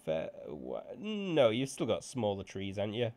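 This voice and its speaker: A man's voice: lowish voice, wildly swooping pitch, moderate pace, darkish tone. A man narrating as game master of a tabletop game, joking and rambling with self-corrections.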